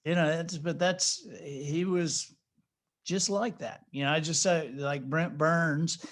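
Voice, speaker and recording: Guy with a kinda high voice telling stories on a video call, animated, does impressions. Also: slow pace. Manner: lively storyteller, dips into voice impressions. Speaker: author, interview guest. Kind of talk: casual storytelling interview.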